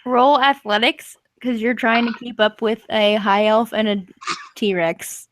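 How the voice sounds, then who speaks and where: A woman's voice: a little high, steady tone, measured pace, slight background noise. A young woman narrating as game master, laughing often as she goes.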